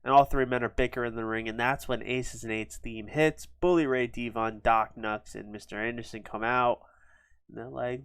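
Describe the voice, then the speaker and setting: A man talks through a wrestling sim game in quick, offhand casual commentary, full of fillers. His voice sits in the middle of the range and sounds dry and close. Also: mid-range voice, steady tone, fairly bright tone, smooth, dry recording. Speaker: gaming video host.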